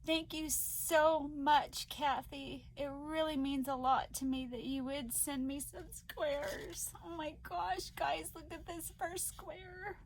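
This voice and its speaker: A woman crochet vlogger chatting casually to viewers as she opens parcels, gushing and excitable with frequent gasps. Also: high voice, slow pace, hardly any pauses, a little hiss or hum. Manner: gushing and excitable, gasping often. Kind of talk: casual unboxing chat to viewers.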